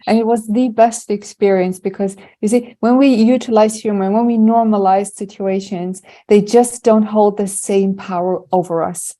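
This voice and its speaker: A middle-aged woman coaching on anxiety, speaking in a lively, humorous way on a podcast. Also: mid-range voice, normal speed, few pauses. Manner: lively, humorous, laughs while telling stories. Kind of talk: casual podcast conversation.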